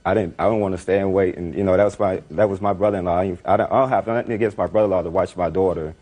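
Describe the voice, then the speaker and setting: Low-voiced man rambling in court. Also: very fast. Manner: rambling, repeats himself, animated retelling. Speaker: defendant. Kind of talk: courtroom testimony.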